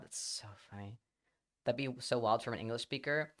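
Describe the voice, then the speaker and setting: A young man with a smooth, resonant voice chats casually on a livestream at a middle pitch. He rambles and fills gaps with ums and likes, swears now and then, and picks up energy as he goes. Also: moderate pace, a bit bright. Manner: rambling, with frequent fillers and swearing.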